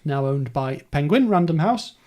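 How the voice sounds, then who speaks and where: A man hosts a relaxed book podcast in a chatty, rambling way. His voice sits a little higher than most men's. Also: moderate pace, highs cut off. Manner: chatty, rambling through publishing details. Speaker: podcast host. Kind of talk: casual book-club chat.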